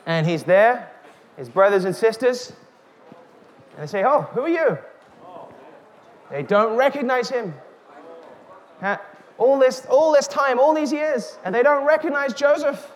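A man preaching a sermon, slow and emphatic, calling out questions to the congregation. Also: very high voice, animated. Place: church hall. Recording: reverberant hall with faint noise.

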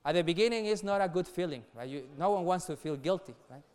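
Earnest man preaching to youth, smooth voice. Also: high voice, animated, fast. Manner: earnest, warm, laughs between points, repeats words. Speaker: youth pastor. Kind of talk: sermon to young people.

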